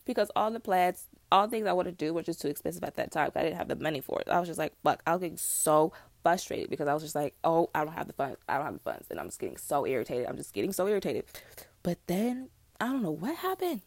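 A woman's voice: on the low side, sing-song, fast talker, no room sound. A young adult woman vlogger telling a personal story in casual, profane, rambling chat.

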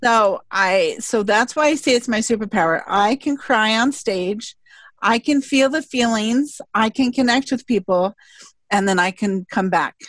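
A woman's voice: fairly high pitch, measured pace, no echo. A middle-aged woman in casual conversation, telling a personal story in an earnest, heartfelt way. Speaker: speaker and event presenter.

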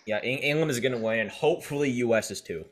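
A man's voice: medium pitch, fast talker. A young man co-hosting a podcast in casual chat, crude and joking, swearing often. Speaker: podcast co-host.

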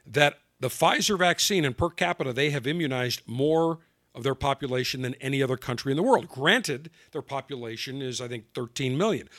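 Sarcastic talk radio host with a lively pitch. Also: male voice, no room sound, clean studio sound. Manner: combative, sarcastic, mocking. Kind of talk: opinionated talk radio monologue.

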